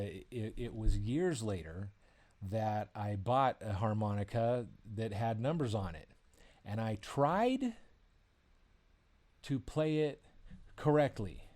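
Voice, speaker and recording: A man's voice: on the low side, fairly even intonation, a little slow, warm tone. A male author telling a casual personal story in a rambling, self-amused way. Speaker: author discussing his book.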